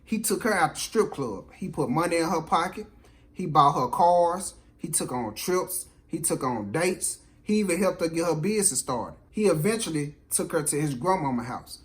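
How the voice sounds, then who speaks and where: A man's voice: on the high side, normal speed. A man with a Southern American accent telling a true street story, acting out the voices. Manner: animated, acts out every voice. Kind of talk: casual storytelling.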